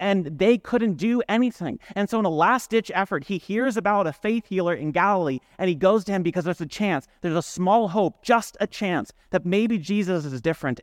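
A man preaching a sermon as a pastor, retelling scripture in a casual, animated storytelling way with "like" asides. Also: sits high, dry recording, clean studio sound. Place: church.

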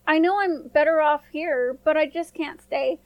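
A woman voicing a shy, kind young stepdaughter who speaks quietly. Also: high-pitched, normal speed, no echo, natural voice, low-quality recording. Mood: timid. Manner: quiet, timid.

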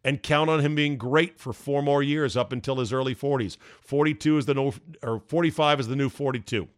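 A man hosting a podcast, delivering an emphatic, ranting opinion monologue with sarcastic asides, his voice going hoarse. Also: medium pitch, a little fast, no room sound, clean studio sound. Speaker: podcast host.

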